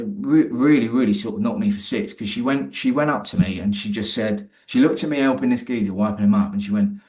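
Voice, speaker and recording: A man's voice: medium pitch, a little mellow. A man, a guest in an interview, telling a personal story in a rambling, colloquial way with many restarts.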